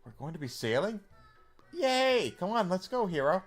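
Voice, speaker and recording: A man's voice: mid-range voice, big pitch swings, moderate pace, fairly bright tone, faint music behind. A man voicing a small, playful female creature in a fantasy game, whiny and eager like a child. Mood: excited.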